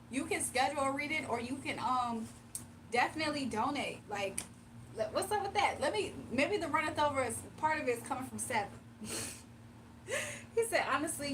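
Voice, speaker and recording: A woman's voice: high voice, fairly bright tone, far from the mic, slight background noise. A woman from the US East Coast chatting casually on a morning live stream, laughing often and reading viewer comments aloud. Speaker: live-stream tarot reader. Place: home, early morning.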